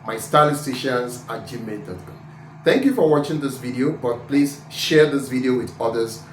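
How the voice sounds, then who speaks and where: A man's voice: mid-range voice, expressive, normal speed, roomy sound, slight background noise. A man with a Nigerian accent teaching IELTS speaking pronunciation, repeating sample words and spelling out letters.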